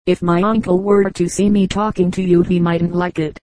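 A woman's voice: on the low side, level tone, normal speed, dark tone, no echo, close to an everyday voice. A woman voicing a scruffy, proud runaway boy who speaks earnestly and a little defensively, in an audiobook reading.

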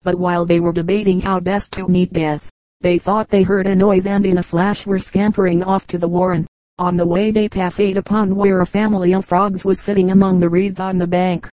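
A woman narrates fables with a measured, steady delivery. Her voice sits low and warm, kept flat in its melody. The sound is dry and close to the mic. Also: dry recording, poor audio. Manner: measured, even reading. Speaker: audiobook narrator. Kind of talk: scripted storybook narration.

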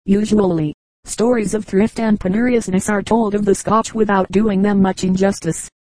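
Female audiobook reader; measured and even, mellow voice. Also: medium pitch, no room sound, rough recording. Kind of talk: scripted narration.

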